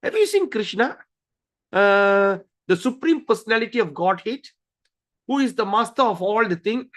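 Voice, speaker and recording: A man's voice: sits high, moderate pace. A man giving a scripture study lecture, repeating key words and often restarting sentences as he explains. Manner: animated, acts out stories with voices. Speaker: scripture teacher.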